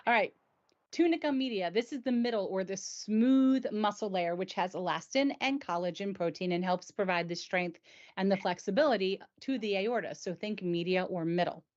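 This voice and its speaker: A woman's voice: medium pitch, normal speed, a little mellow. A woman hosts a casual explainer chat with a mid-range voice. She is chatty and enthusiastic, and now and then she stumbles over hard medical words. The recording sounds dull and lo-fi. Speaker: host.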